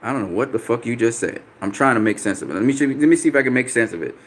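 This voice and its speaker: A man's voice: mid-range voice, expressive, very fast. A man hosting a boxing channel, answering viewer comments on a live stream in a combative, profane way, repeating himself for emphasis.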